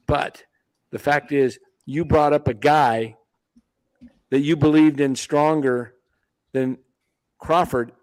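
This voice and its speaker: A man's voice: medium pitch, darkish tone. Rambling sports-talk man. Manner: rambling, hesitant storytelling. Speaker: podcast co-host.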